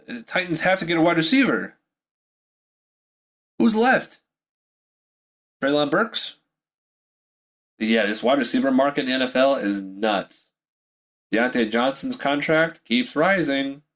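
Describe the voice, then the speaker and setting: A man's voice: mid-range voice, animated, unhurried, pauses often, a bit bright. A man with a Pittsburgh accent hosting a podcast, reacting live to a football draft, swinging between disbelief and ranting while drinking beer. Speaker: podcast host.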